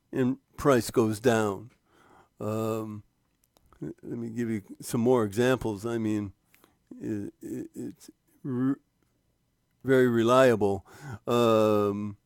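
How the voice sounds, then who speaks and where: Slow, halting man explaining charts. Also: mid-range voice, darkish tone, no room sound, studio quality. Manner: slow, halting, many fillers and restarts, pointing at a chart. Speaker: trading instructor. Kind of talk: screen-share walkthrough of a trading indicator.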